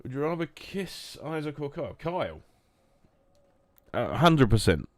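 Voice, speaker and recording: A young man streaming a game, rambling and joking casually while answering chat in a flat, monotone way. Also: unhurried, dry recording. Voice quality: low monotone voice. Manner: rambling, jokey, reacting to chat.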